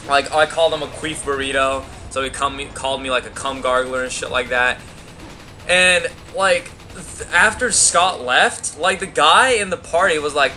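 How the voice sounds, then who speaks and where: A man's voice: medium pitch, moderate pace, bright, forceful tone, a little hiss or hum. A young man giving rambling, crude, profanity-heavy commentary over a video game playthrough. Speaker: gameplay commentator. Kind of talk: let's play commentary.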